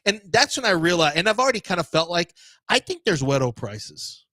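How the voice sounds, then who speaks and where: Bright, animated Texan radio host. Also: male voice, high voice, brisk, no echo. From Houston area, Texas. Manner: animated storyteller, acts out other people's voices. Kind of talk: casual sports radio banter and storytelling.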